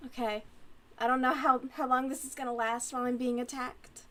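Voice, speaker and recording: A woman's voice: sits high, level tone, brisk, a bit bright. A woman hosting a crochet livestream, chatting casually and rambling as she reads comments aloud, often giggling.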